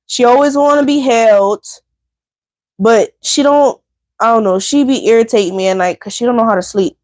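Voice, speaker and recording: A woman's voice: fairly high pitch, normal speed, darkish tone, no echo. A woman hosting a casual livestream at home, chatting with viewers and addressing them as y'all. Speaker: channel host. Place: home indoors.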